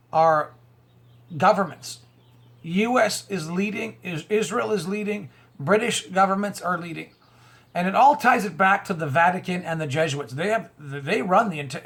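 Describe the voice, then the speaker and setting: Gravelly high-voiced man, rambling commentary. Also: a bit bright. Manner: rambling, stumbles and repeats words, rhetorical questions, chuckles. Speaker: online video host. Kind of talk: conspiracy and religious commentary monologue.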